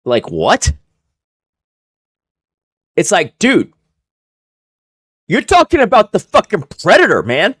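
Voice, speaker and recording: A man's voice: high voice, slow pace, long pauses, breathy edge, no room sound, clean studio sound. A young man streaming live, telling a story in a casual, profane way and acting out what others said. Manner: animated, profane, acts out quoted voices.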